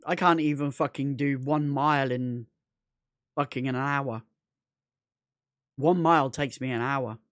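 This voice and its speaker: A man's voice: medium pitch, fairly even intonation, a little slow, pauses often, a bit bright, dry recording, studio quality. A man chatting casually on a gaming livestream, rambling, repeating himself and swearing constantly. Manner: rambling, repetitive, heavy swearing.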